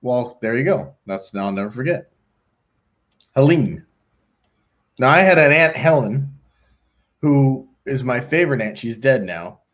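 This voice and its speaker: A man's voice: medium pitch, animated, normal speed, a bit bright. Casting: middle-aged man, playful designer host who mutters while he works, dull lo-fi sound. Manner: joking, talks to himself while working. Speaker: pool designer hosting a live design call. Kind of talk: casual chat while designing on a computer. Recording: dull lo-fi stream audio.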